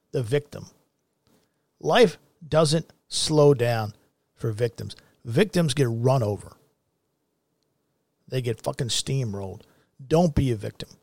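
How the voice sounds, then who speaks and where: A man's voice: medium pitch, a little mellow, dry recording. A middle-aged man hosting a commentary show, ranting in a blunt, profane and heated way. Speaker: show host.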